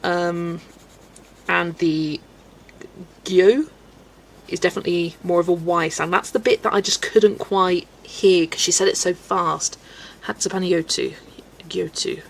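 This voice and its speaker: A woman's voice: on the low side, fairly even intonation, unhurried, low-quality recording. A woman from Belgium hosting a colouring livestream, chatting with viewers, laughing often and stumbling over names. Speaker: livestream host reading chat. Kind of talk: casual livestream chat. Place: home, colouring at a desk.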